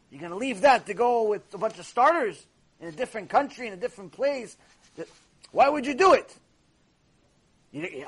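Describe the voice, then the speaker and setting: A man giving a sermon lecture as a rabbi, animated and storytelling, with Hebrew terms mixed in. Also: sits high, slightly rough.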